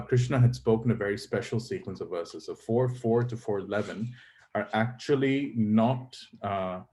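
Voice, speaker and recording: Low, mellow man leading a scripture class. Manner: measured, probing, many fillers. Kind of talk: online scripture class, questioning students.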